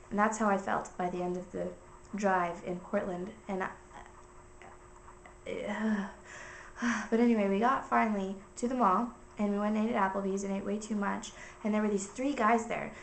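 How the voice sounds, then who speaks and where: Young woman vlogger, rambling and casual, mid pitch, roomy echo. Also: slight background noise. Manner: rambling, filler-heavy storytelling. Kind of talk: casual chat. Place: indoors at home.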